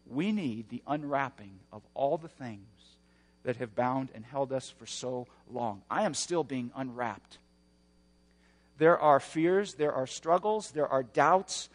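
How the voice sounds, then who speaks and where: A man preaching a sermon, moving between hushed, slow passages and loud, roaring emphasis. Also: medium pitch, long reverb tail. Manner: dynamic preaching, swings from hushed to shouting. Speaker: pastor.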